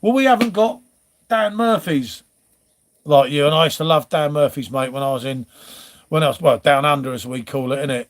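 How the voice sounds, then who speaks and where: A man's voice: a little high, moderate pace. A man from England hosting a casual live stream from home, rambling and chatting to viewers as he reads out their comments. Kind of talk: casual chat.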